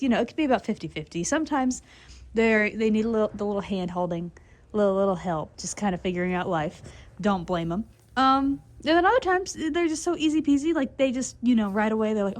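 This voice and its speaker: A woman in a barn at night, chatting casually and rambling as she talks to her horses and viewers. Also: medium pitch. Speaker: horse breeding farm foaling attendant. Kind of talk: casual vlog chat.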